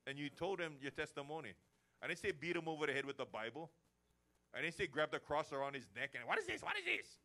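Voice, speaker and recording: A man preaching a lively sermon to his church, acting out everyday chats as he goes. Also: on the high side, fast. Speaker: pastor. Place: church service.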